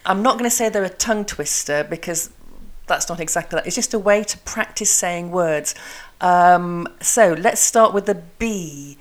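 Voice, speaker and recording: A woman who runs a podcast and teaches English chats casually, sounding out tongue twisters slowly and crisply. Her voice sits on the low side.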